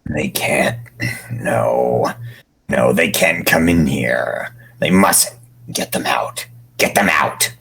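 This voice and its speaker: A woman's voice: medium pitch, animated, moderate pace, mellow, pitched above the performer's own voice. A woman voicing a possessed male troll prophet who swings from desperate muttering to giddy, gushing chatter. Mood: desperate whisper.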